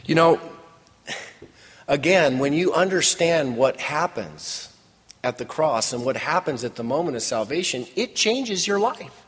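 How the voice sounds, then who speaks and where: A man's voice: fairly high pitch, expressive, a little slow, fairly bright tone, breathy edge. A man preaching a sermon as pastor, with emphatic call-and-response. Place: church sanctuary. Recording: long reverb in a large hall.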